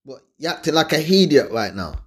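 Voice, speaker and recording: A young man gives blunt, animated relationship advice in a casual, slangy way, repeating his points. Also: fairly high pitch, brisk. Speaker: advice-giving host.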